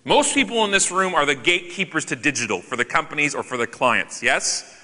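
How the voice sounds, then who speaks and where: A man delivers a conference keynote with a sharp, bright, fairly high voice that swings widely in pitch. His talk is animated and joking, full of sarcastic asides. The stage microphone picks up the long reverb of a large hall. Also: brisk. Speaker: keynote speaker. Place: large hall before an audience.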